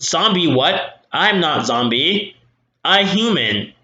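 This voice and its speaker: A man's voice: on the high side, lively intonation, pushed and bright, muffled recording, heavily acted. Man doing a clumsy zombie faking being human. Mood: awkward. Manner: slow broken grammar, awkward. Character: clumsy male zombie pretending to be human, broken English. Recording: roomy echo.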